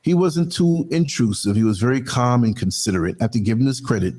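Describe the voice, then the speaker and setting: Husky man talking emphatically on a podcast. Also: fast, a little mellow. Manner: emphatic, conversational, swings pitch widely for stress. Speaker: podcast host. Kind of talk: casual monologue commentary.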